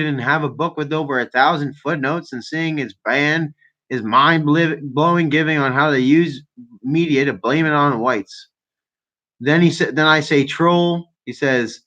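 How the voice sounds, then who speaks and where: A man's voice: mid-range voice, normal speed, sharp tone. A young man from Canada hosting a call-in show, brash and mocking, swearing a lot, heard over a phone line. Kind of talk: profane casual chat. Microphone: telephone.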